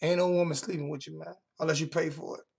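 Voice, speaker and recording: A man's voice: on the high side, flat delivery, fast, vocal fry, a little mellow, breathy edge. A young man hosting a livestream from home, confrontationally trash-talking his chat and repeating phrases for emphasis. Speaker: livestream host. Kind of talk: heated livestream rant.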